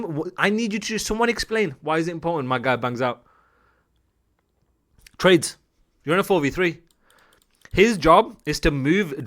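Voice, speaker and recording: A man, an esports coach, breaking down gameplay for viewers in an excitable, repetitive, profane way, joking as he goes. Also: fairly high pitch. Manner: laughs and jokes while analysing.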